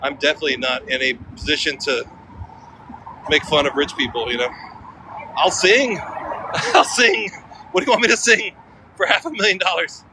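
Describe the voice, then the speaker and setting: A man's voice: a little high, quick pace, sharp tone, poor audio. A man joking and chatting with viewers as he live-streams outdoors on a bridge, now and then breaking into a bit of song. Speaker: vlogger. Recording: outdoor street recording, noise behind.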